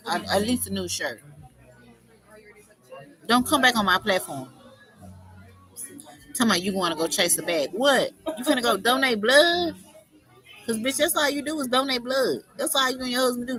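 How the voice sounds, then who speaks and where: Bright, sharp-voiced woman ranting. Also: fairly high pitch, rough recording. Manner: confrontational, profane, scolding. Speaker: livestream host. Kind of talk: unscripted livestream rant.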